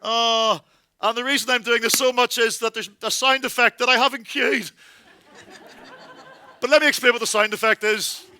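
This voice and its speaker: A man from Northern Ireland performing a one-man stage monologue, telling a wry comic story that builds into panicked shouts. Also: very high-pitched, fairly even intonation, brisk. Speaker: solo theatre performer. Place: theatre stage.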